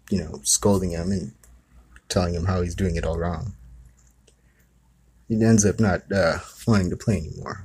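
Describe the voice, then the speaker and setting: A man's voice: low-pitched, a little mellow, slightly rough. A man hosting his own talk, telling a made-up story in a rambling, conversational way full of asides. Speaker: host. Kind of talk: casual storytelling monologue.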